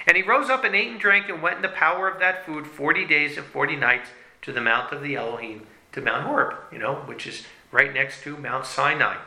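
Male preacher, sermon delivery, slightly high and very bright voice, loud-to-hushed swings, roomy echo. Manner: reads scripture then preaches with sharp swings from loud to hushed. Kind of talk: sermon with scripture reading.

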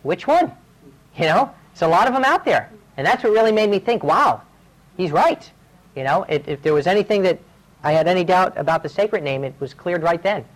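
A man's voice: high-pitched, expressive, brisk, rough recording. Male preacher, sermon voice, earnest storytelling, urgent delivery. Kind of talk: sermon with personal stories.

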